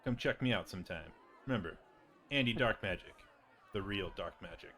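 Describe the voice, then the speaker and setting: A grandiose young wizard, as a man puts him on for a tabletop game, plugging his magic show. He boasts in a lowish voice with a self-important swagger. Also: lively intonation, fairly quick, a bit bright, some chatter behind, slight background noise. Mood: showy.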